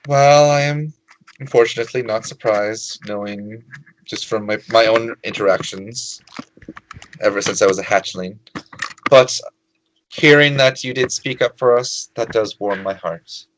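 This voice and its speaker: A man voicing a gentle, hesitant female lizardfolk queen in a tabletop game, speaking formally and haltingly. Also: fairly low pitch, slight background noise, lightly acted, poor audio. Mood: courteous. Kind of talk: tabletop role-play.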